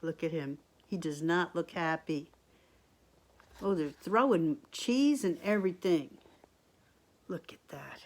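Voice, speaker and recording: Woman teacher, slow read-aloud storytime voice, expressive, asks kids questions. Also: lowish voice. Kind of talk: picture-book read-aloud for children.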